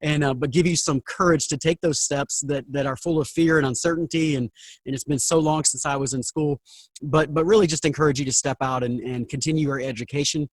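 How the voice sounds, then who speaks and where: A man's voice: a little high, fairly even intonation, brisk, no echo, poor audio. A man hosting a podcast interview, upbeat and encouraging, often restarting his sentences. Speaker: podcast host.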